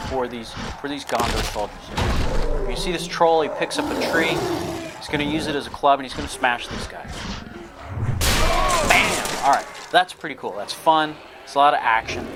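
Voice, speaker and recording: A man, a game developer, narrating gameplay footage in a casual, enthusiastic way with punchy exclamations. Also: medium pitch. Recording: loud background noise.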